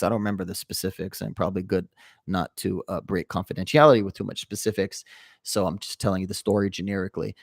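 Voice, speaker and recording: A young man hosting a livestream, telling a long anecdote in a calm, rambling way with fillers. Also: fairly low pitch, no echo, clean studio sound. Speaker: livestream host. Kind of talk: casual storytelling to a live chat.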